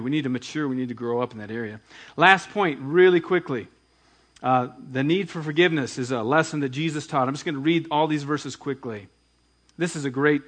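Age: adult. Sex: man. Role: pastor. Style: sermon. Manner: animated preaching, retelling scripture with dramatic emphasis and quiet asides. Pitch: somewhat high.

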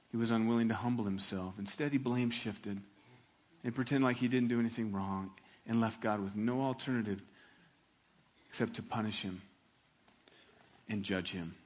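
A pastor preaching a sermon with animated delivery, swinging from loud emphasis to hushed, slow reflection. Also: male voice, on the low side.

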